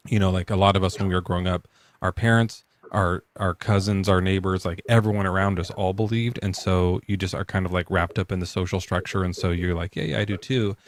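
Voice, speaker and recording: A man hosting a casual live chat, rambling with lots of fillers and laughing often. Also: deep voice. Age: adult parent. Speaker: host.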